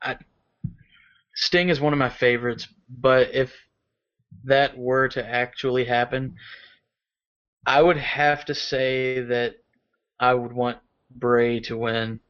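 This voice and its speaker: A man's voice: mid-range voice, fairly even intonation, takes it slowly, long pauses, fairly bright tone, clean tone, dull audio. Hesitant man giving an opinion on a podcast. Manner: hesitant, restarts, builds his point. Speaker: podcast co-host. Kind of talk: casual chat.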